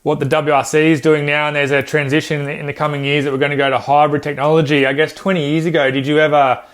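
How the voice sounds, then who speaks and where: A man's voice: on the high side, level tone, quick pace, a bit bright. A man hosting an interview, asking questions hesitantly and repeating words as he frames them. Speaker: podcast host, interviewer.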